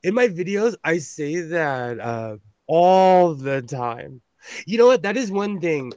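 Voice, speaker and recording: A man in his thirties with a somewhat high voice, talking casually and rambling along, poking fun at himself and laughing between thoughts. The sound is close and dry, with no room around it. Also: big pitch swings, takes it slowly, warm tone, clean tone, no echo. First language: English. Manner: rambling, self-mocking, laughs often. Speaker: co-host. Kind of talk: casual chat.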